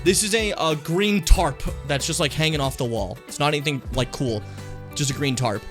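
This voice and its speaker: A man's voice: on the high side, moderate pace, faint music behind. A young adult man streaming, reacting to his old videos in a rambling, profane, self-mocking way.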